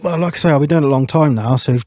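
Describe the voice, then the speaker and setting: A man's voice: fairly high pitch, rapid-fire, dry recording. Thirty-something guy telling stories on a podcast, laughs a lot, swears loads, dry close mic. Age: 30s. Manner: laughs often, swears freely, animated anecdotes. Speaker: podcast guest, chef. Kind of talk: casual chat, storytelling.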